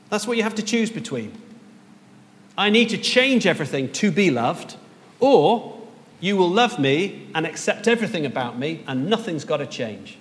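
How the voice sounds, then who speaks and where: A man's voice: high-pitched, animated, moderate pace, fairly bright tone, long reverb tail. A man preaching a sermon as pastor, earnest and rising to emphatic peaks.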